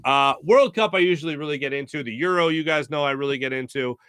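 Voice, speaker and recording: A man's voice: on the high side, fast talker, fairly bright tone, clear, resonant tone, no echo, clean studio sound. An American man hosting a sports talk show, rambling and opinionated, with many fillers. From United States. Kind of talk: casual sports talk monologue.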